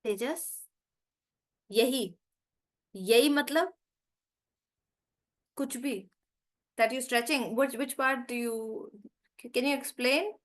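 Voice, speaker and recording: A woman's voice: on the high side, normal speed, pauses often. A woman teaching English pronunciation in an online class, explaining patiently, stretching stressed syllables to demonstrate and calling on students by name. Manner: calls on students by name, asks "right?".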